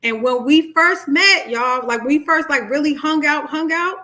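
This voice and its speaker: A middle-aged woman life coach, talking casually to a live-stream audience and acting out quoted dialogue. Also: unhurried. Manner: chatty, animated, acts out quoted dialogue in high voices. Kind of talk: live-stream talk on narcissistic abuse.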